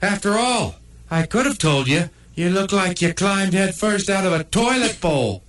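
A man's voice: high voice, expressive, fairly bright tone, pitched above the performer's own voice. A man voicing a brash, mocking little male pug dog in a comedy sketch. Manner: taunting, quick and teasing.

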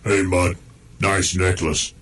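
A man's voice: low voice, flat delivery, takes it slowly, fairly bright tone, voice pushed down. A man voicing a menacing male pit bull who bullies other dogs. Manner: gruff, threatening.

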